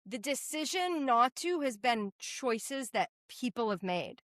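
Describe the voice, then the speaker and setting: A woman from New Hampshire, a state legislator, telling stories in a blunt, profane, animated way during a casual podcast chat. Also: on the high side, takes it slowly, no echo, studio quality. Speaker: state representative guest.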